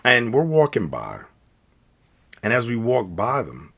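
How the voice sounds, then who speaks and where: An American man telling a story from a night out in a casual, slangy, animated way. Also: mid-range voice, unhurried. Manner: animated, slangy, acts out quoted speech. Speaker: storyteller, channel host.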